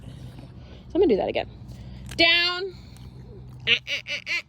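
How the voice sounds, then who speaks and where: Woman, dog trainer, outdoors, sharp commands, explaining while walking, faint background noise. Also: very high voice, expressive, moderate pace, long pauses. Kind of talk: instructional talk during dog training.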